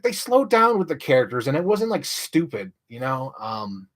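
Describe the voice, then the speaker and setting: A man's voice: medium pitch, normal speed, hardly any pauses. Rambling young man ranting on a livestream. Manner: rambling, heavy use of "like", restarts mid-sentence; animated, voice jumps up when excited. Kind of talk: casual livestream rant.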